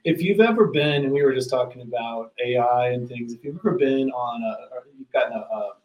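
A man's voice: medium pitch, a little fast, echoey room, dull audio. A man hosting a casual business talk, earnest, often repeating words as he starts a sentence. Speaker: podcast host.

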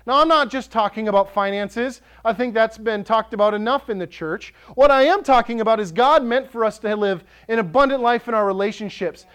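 A male pastor delivers a sermon in a notably high voice. He preaches with passion, building to emphatic declarations. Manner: impassioned, rising to emphatic declarations.

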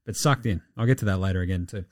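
A man's voice: low voice, very fast, a little hiss or hum. A man hosting a casual basketball recap podcast, irreverent and sweary, slipping into mocking voices. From Australia. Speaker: podcast host.

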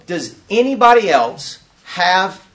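A man leading an interactive teaching session at a conference, quizzing his audience in an animated way. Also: high-pitched, slow pace. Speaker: workshop teacher.

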